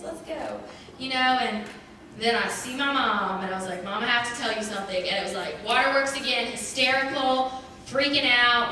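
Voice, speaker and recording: A bright, clear young woman tells her personal story to a congregation in a casual, animated way, scattering "like" through her sentences. Her voice sits a little high. It rings through a very echoey church hall, picked up from a distance with a faint hiss underneath. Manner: chatty and animated, full of "like" fillers. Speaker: church member sharing testimony. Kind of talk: personal testimony told to a congregation.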